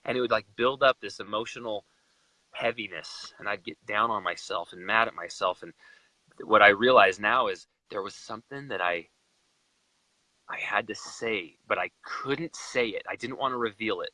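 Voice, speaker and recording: A young man from Utah, appearing as a chat guest, tells a personal story with emotion and animation at normal speed. His lowish voice is bright and forceful, recorded dry and close with no room echo.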